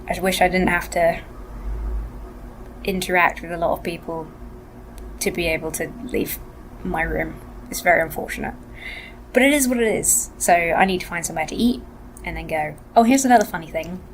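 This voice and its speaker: A tired woman vlogging casually from a hotel room into a laptop webcam, rambling and soft-spoken, sometimes drifting into whispers. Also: moderate pace, long pauses. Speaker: vlogger and actor. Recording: noisy low-quality webcam audio.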